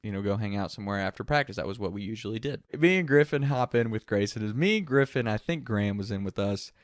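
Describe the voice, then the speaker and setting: A man's voice: on the low side, quick pace, no echo, studio quality. Casual laughing young man telling a story. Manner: laughs through the telling, animated. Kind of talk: casual anecdote.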